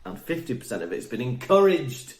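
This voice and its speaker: A man's voice: mid-range voice, brisk, echoey room. A man co-hosting a podcast, chatting casually and laughing a lot. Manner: giggly, jokey, animated. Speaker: podcast co-host. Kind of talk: casual chat.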